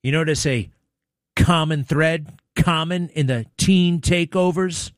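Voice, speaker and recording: A man's voice: fairly high pitch, slow, no echo, clean studio sound. A man hosting a talk radio show, giving opinionated political commentary in an emphatic, sarcastic way. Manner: emphatic and sarcastic, mocking impressions.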